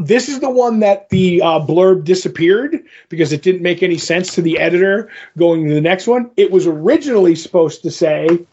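A man's voice: high-pitched, darkish tone, breathy edge, dull audio. A man casually recapping a comic story, rambling with many fillers and restarts.

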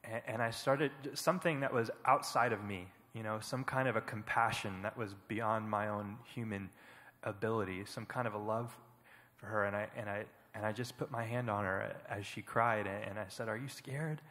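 A man giving an earnest, reflective personal testimony as a panel speaker at church, often pausing and halting. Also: on the low side, steady tone, bright, forceful tone, in a large hall. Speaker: panel speaker, foster parent.

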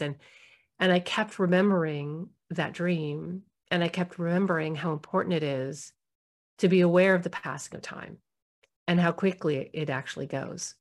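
Middle-aged woman, low voice, reflective storyteller voicing her family's lines; parenting talk. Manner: warm, reflective, acts out quoted voices. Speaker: parenting speaker.

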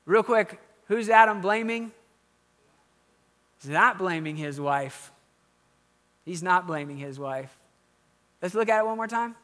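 Bright, high-voiced man preaching conversationally. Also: expressive, a little slow, pauses often. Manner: conversational preaching, dropping to quiet asides and rising to emphatic questions. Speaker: pastor. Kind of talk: sermon.

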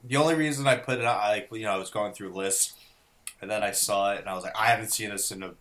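A man's voice: on the low side, quick pace, a bit bright. Rambling young man chatting casually. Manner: rambling, many fillers and restarts. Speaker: podcast co-host. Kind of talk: casual chat.

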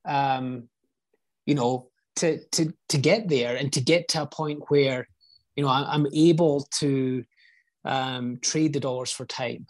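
A man's voice: mid-range voice, fairly even intonation, unhurried. A man from Scotland with a Scottish accent, in his forties, a real estate agent talking earnestly as a guest in a casual interview.

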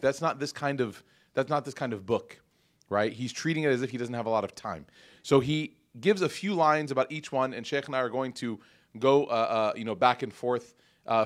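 A man giving a casual religious lecture to a live audience in a mosque hall, talking conversationally with many fillers and restarts. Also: medium pitch. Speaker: Islamic lecturer.

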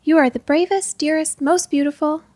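A woman doing an excited young boy king. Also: sits high, normal speed, dry recording, natural voice. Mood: overjoyed. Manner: exclamatory, breathless with joy.

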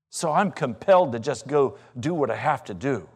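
A man preaching a sermon as pastor, swinging between loud, forceful emphasis and quiet, intense passages. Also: medium pitch, animated, normal speed, hardly any pauses, husky. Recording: reverberant hall.

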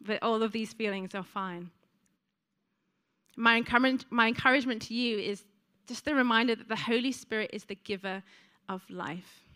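A woman's voice: a little high, moderate pace, sharp tone, clean tone. A woman preaching a sermon to a congregation in a church, chatty, with frequent ums and asides to the listeners.

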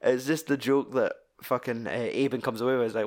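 Scottish guy chatting about a movie, lots of swearing, mid pitch, animated. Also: brisk. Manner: sweary, animated retelling of scenes. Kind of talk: casual film-discussion chat.

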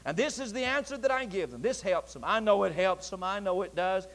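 A man preaching a sermon, telling his story with feeling and building to fervent, near-shouted passion. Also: high voice, expressive, brisk. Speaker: pastor. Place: church sanctuary. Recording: long church reverb.

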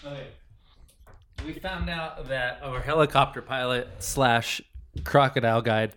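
A man's voice: mid-range voice, measured pace, fairly bright tone. A man telling a long story on a podcast, rambling with many fillers. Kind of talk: casual chat.

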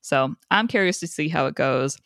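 A woman co-hosting a chat podcast, retelling comic stories in an animated way and laughing often. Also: sits low, moderate pace, vocal fry, no room sound, studio quality. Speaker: podcast co-host. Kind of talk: casual chat.

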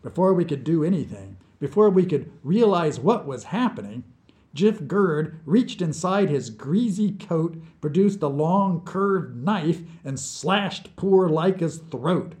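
A man reading his own short story aloud as scripted narration, with slow, deliberate storytelling. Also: on the high side, lively intonation, darkish tone.

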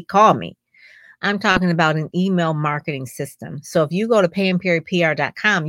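A woman's voice: on the low side, no room sound, clean studio sound. A woman speaking as a publicity strategist, coaching listeners in an emphatic way and asking lots of rhetorical questions. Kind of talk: podcast advice talk.

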